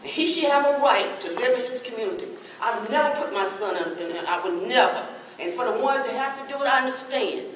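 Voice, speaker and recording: A woman's voice: a little high, animated, brisk, hardly any pauses. A middle-aged woman speaking passionately as a parent caregiver at a public forum, pleading and repeating herself. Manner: impassioned, pleading, repetitive. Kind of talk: emotional public comment. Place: public meeting hall. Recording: echoey hall from far off, noisy.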